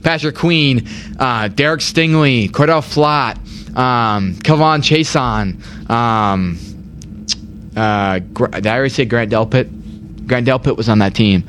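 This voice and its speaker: This young sports-chat podcast host speaks slowly in a medium-pitched, somewhat bright voice, with a slight hiss or hum underneath. The talk is casual and rambling, full of repeated words and "like."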